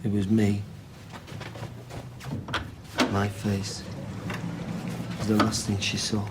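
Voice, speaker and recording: A guilt-crazed man, muttering low, convinced he's being watched, with a noisy scene behind you. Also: monotone, slow. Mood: haunted. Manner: haunted, muttering confession. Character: guilt-ridden man, paranoid, fears the dead.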